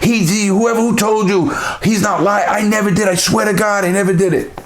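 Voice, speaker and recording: A terrified young man, put on by a man telling the story, begs in a voice pushed up very high. The pleading is frantic and desperate, the words tumbling out in panic. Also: steady tone, a little fast, a little hiss or hum, lightly acted. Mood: panicked pleading. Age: young adult.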